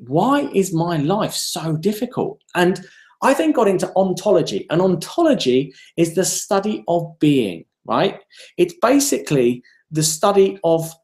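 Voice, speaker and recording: A man's voice: high voice, echoey room. A man giving a live online self-development talk, telling personal stories and asking rhetorical questions. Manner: animated, storytelling with rhetorical questions.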